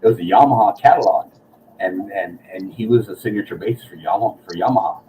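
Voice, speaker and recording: A man's voice: on the low side, fast, far from the mic, dull audio, a little hiss or hum. A man hosting a casual chat, telling a rambling, profane story and acting out what people said. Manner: rambling, profane, acts out quotes. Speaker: host. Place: guitar shop or room, San Antonio.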